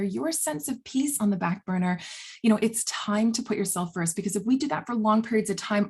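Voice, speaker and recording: A woman speaking as a holistic health coach in a casual, earnest vlog monologue, animated and blunt, often laughing between phrases. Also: mid-range voice, husky. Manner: blunt, self-described swearer.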